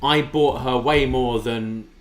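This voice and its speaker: A man's voice: mid-range voice, fairly even intonation, slow. A man co-hosting a casual wrestling review podcast, talking with enthusiasm and often restarting his sentences. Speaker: podcast co-host.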